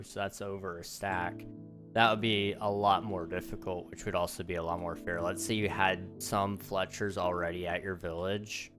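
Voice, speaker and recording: A young man, slightly hoarse, chatting casually on a live stream while playing, thinking aloud with ums and quick laughs. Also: low-pitched. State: slightly hoarse, losing his voice. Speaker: gaming livestreamer. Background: background music.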